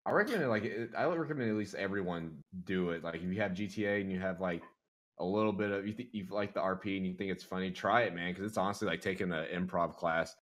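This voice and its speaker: A young man chatting on a casual podcast with a low, bright and forceful voice. He rambles through stories full of fillers and breaks into laughter often. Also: quick pace. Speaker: podcast co-host. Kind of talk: casual chat.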